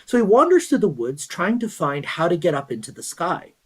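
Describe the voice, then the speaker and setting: A man's voice: high-pitched, big pitch swings, a little fast, a bit bright, breathy edge, poor audio. Enthusiastic man explaining meteors. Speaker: guest speaker at an astronomy event. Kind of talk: presentation with storytelling.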